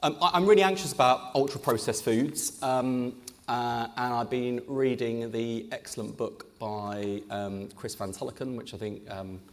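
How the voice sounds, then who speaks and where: A man's voice: mid-range voice, steady tone, unhurried. A man, an English politician, speaking in a live on-stage conversation with punchy, joking delivery. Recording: echoey hall with long reverb.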